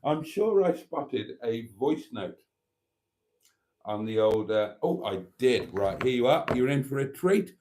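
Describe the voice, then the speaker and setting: Mellow-voiced man telling stories. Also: medium pitch, animated, measured pace, poor audio. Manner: rambling, laughing, teasing. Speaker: host of a live stream. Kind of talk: casual chat and storytelling.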